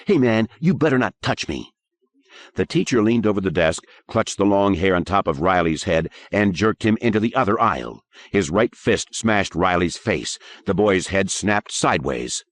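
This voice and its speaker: A man with a low voice narrates an audiobook from a script, reading in a measured, expressive way.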